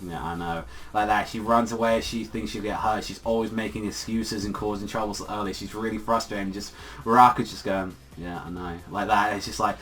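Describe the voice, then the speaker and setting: A man's voice: lowish voice, level tone, brisk, a bit bright. Gushing young man, rambling review. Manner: rambling, filler-heavy, swears freely, gushing. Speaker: anime and manga reviewer. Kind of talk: casual spoken video review. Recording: far from the mic, faint music behind.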